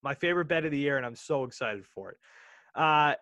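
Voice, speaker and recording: A man co-hosting a sports podcast, chatting casually in an excitable, rambling way and correcting himself as he goes. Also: a little high, a little fast, no echo. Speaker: podcast co-host.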